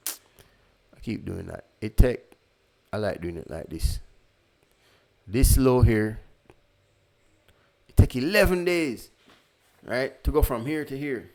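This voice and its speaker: A man's mid-range, darkish voice with vocal fry guides a laid-back screen-share lesson on trading. He talks conversationally, repeating the main phrases and revising what he says as he goes.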